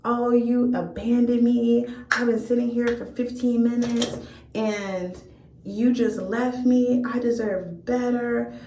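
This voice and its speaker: A man's voice: very high voice, steady tone, slow pace, dark tone, roomy sound, slight background noise, heavily acted. A woman voicing a sulking older man who whines that he has been wronged. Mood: aggrieved. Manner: whiny, aggrieved.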